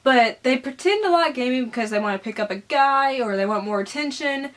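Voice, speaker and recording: A woman's voice: sits high, expressive, a little fast, fairly bright tone. A young Southern American woman with a Southern accent, chatting casually as she answers viewer questions in her vlog. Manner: chatty, rambling, giggly.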